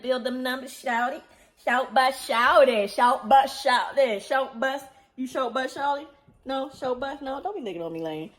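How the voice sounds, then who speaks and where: A woman's voice: high-pitched, normal speed. A woman vlogging casually at home, playful and laughing often as she baby-talks to her dogs. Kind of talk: casual vlog chat.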